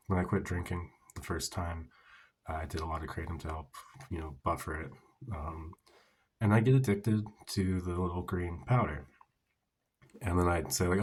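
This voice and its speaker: A man with a very low, husky voice talks through his own story as a monologue. He is candid and loose and keeps filling pauses with "you know" and "like." It sounds like a casual personal vlog. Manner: candid and rambling, with many fillers. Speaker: vlogger.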